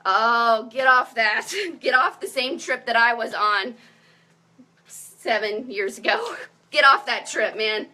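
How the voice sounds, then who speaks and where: A woman in her thirties giving an energetic motivational pep talk as a coach on a call. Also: fairly high pitch, slow pace.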